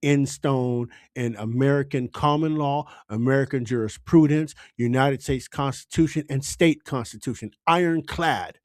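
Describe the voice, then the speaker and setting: Political commentator, male, mid-pitched, dry close sound, fervent and exhorting in delivery. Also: normal speed, hardly any pauses, a little mellow, no echo. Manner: fervent, exhorting, rising to urgent appeals. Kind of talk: impassioned political monologue.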